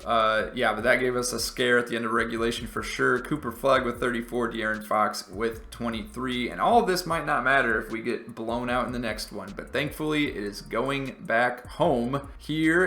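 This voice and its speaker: Guy yelling through his ball game, bright punchy voice, roomy echo. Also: medium pitch. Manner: excitable, frustrated outbursts. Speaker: gaming commentator. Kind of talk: live gameplay commentary.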